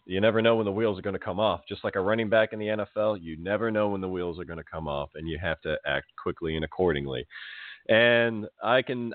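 A man co-hosting a casual wrestling podcast, chatty and quick to laugh. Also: lowish voice, no room sound. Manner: chatty, laughs often, mimics crowd chants. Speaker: podcast co-host. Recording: tinny phone-like line, dry.

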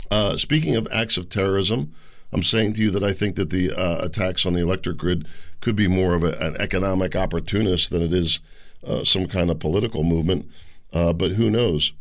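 A man hosting a solo political commentary, rambling and sarcastic, often mocking others. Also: a bit bright. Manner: rambling, sarcastic, mocks others in high sneering voices.

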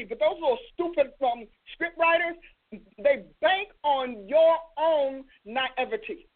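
A woman hosting a preaching broadcast, emphatic and scolding, with rhetorical questions. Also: sits high. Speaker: host and preacher. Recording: tinny phone-line sound.

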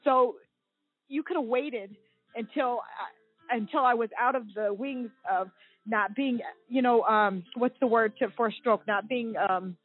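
A woman in her forties tells her own story as a guest on a talk show, her voice husky and slightly high. She speaks with raw emotion, at moments near tears. The sound is a dry, tinny phone line. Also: a little slow, dry recording, soft background music. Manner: emotional, tearful at times. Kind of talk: personal account on a talk show.

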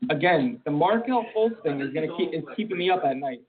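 A man's voice: a little high, lively intonation, quick pace. Chatty man on a tinny line, crowd behind. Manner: chatty, hesitant restarts, sports talk. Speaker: podcast co-host. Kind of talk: casual chat.

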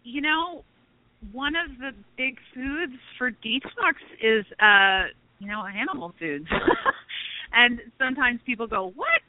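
A woman's voice: a little high, no echo. A woman guest talks through practical food advice in a chatty, friendly way, with laughs scattered through. Her voice comes over a thin, phone-like line. The sound is close and dry, with no room around it. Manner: chatty, explanatory, laughs often. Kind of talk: casual podcast interview. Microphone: remote call. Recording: tinny phone-line audio.

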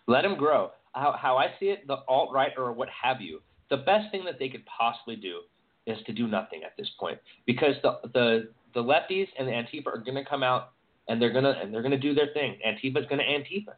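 A man's voice: mid-range voice, a little fast. A man hosting a podcast, talking politics in an emphatic, rambling way. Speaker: podcast host. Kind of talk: casual political chat. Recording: tinny phone-like audio.

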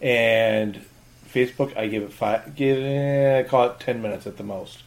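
A man's voice: mid-range voice, normal speed. Man asking questions in a panel chat. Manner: asks questions, builds on others' points. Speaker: podcast co-host.

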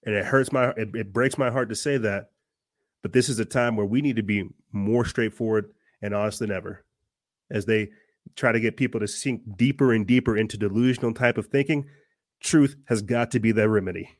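A man with a fairly low voice hosts his own podcast, speaking briskly in an earnest, fiery and preachy monologue full of restarts. The recording is dry, with clean studio sound.

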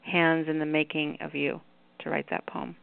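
A man's voice: fairly high pitch, level tone, moderate pace, vocal fry, clear, resonant tone. A man hosting a call-in poetry show, rambling and effusive in his praise. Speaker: radio show host. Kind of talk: casual chat. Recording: tinny phone line.

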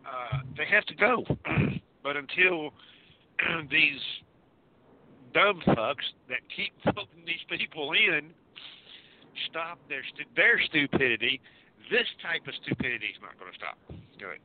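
A man's voice: fairly high pitch, sing-song, unhurried. Blunt crude co-host man on a phone line. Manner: blunt, crude, clears his throat often. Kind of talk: casual political talk radio. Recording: tinny phone-line sound.

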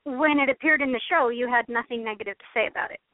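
A woman's voice: on the high side, fast, no echo. A woman co-hosting a casual chat show, opinionated and laughing often. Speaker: podcast co-host. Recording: tinny phone-line call, dry.

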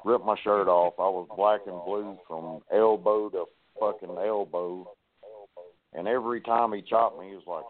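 A man, a wrestling guest telling profane, animated stories and acting out the dialogue. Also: low voice, normal speed. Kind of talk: casual storytelling on a podcast. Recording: tinny phone-like line.

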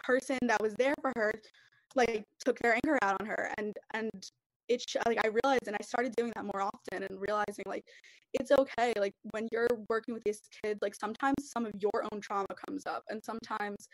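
Young woman on a podcast, kinda high voice, earnest and rambly, lots of likes and ums, dry sound. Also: steady tone, a little fast, no echo, low-quality recording. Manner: earnest, rambling with many fillers. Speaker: podcast participant. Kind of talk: casual group discussion.

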